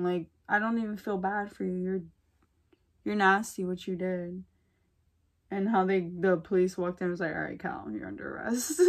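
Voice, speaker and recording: Gushing, slangy young woman chatting through makeup. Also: mid-range voice. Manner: gushing, gossipy, slangy, lots of "like". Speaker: beauty vlogger. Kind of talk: casual chat during a makeup tutorial.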